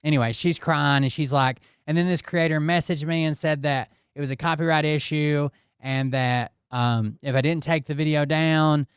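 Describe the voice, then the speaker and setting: A man's voice: fairly high pitch, clear, resonant tone, dry recording, studio quality. A man ranting through casual commentary, swearing often and tagging his points with "okay?" and "blah, blah, blah.". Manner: profane, repeats "okay?" and "blah, blah, blah". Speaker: commentary channel host.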